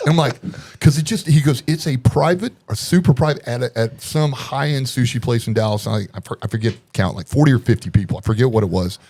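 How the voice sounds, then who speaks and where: A man telling a story in casual podcast chat, lively and animated, slipping into the voices of the people he quotes. His pitch sits in an ordinary middle range, and he laughs often as he talks. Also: quick pace, husky. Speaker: podcast guest.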